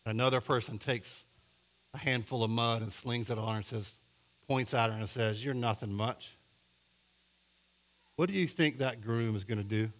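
A man's voice: mid-range voice, moderate pace. Man preaching a storytelling sermon. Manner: storytelling, building from hushed to emphatic. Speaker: pastor.

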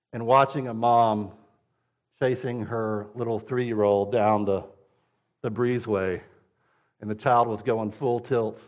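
A father and preacher telling humorous stories in a sermon, acting out scenes with swinging energy. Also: mid-range voice. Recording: dull lo-fi recording.

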